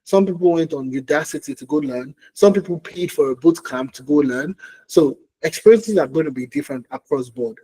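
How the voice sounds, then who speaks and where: A man's voice: fairly high pitch, a little fast, warm tone, husky, poor audio. Upbeat male webinar presenter. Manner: emphatic, repeats key phrases, checks in with "okay?" and "all right?". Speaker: presenter for a tech career platform.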